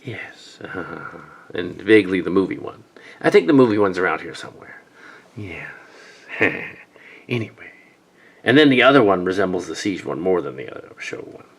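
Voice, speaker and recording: A young man improvising deadpan voice acting for a fan-film parody, with muttered asides. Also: low voice, creaky, breathy edge.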